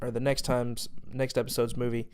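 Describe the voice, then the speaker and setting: A man's voice: mid-range voice, little pitch movement, brisk, a little mellow, smooth. A young man hosting a movie review show, talking casually in a sarcastic, exasperated rant about a bad film.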